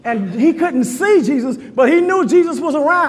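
A man preaching a fervent sermon to his congregation, calling out to them and often shouting. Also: extremely high pitch, animated, moderate pace, big-room sound. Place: church hall.

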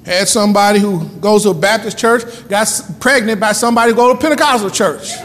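Man preaching, very high voice, long church reverb, shouts and quick asides. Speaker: pastor. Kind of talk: sermon. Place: church sanctuary.

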